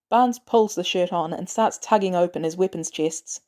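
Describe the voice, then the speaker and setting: A woman reading a fan story aloud as a podfic narrator, in a measured, even storytelling manner. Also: on the low side. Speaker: podfic reader.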